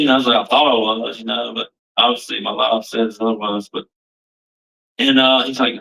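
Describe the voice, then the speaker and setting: A man's voice: mid-range voice, fairly even intonation, fairly quick, gravelly, pushed and bright. Man telling his story from far off. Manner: rambling, restarts often, casual Southern phrasing. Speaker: testimony speaker. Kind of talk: personal testimony.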